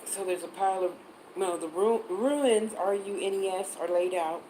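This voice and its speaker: A woman's voice: medium pitch, normal speed, warm tone, slight background noise, poor audio. A woman on a casual livestream as a psychic reader, chatting and answering viewer comments, sometimes spelling words out.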